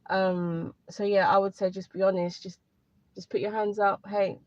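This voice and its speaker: With a mid-range voice, little pitch movement and normal speed, a woman gives candid advice in casual live chat with viewers, rambling somewhat and repeating herself. The audio is dry, slightly dull and lo-fi, without echo.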